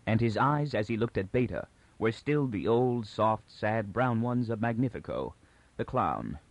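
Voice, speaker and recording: A man narrating a science fiction audiobook in an even, clear storytelling way. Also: lowish voice, normal speed, no room sound.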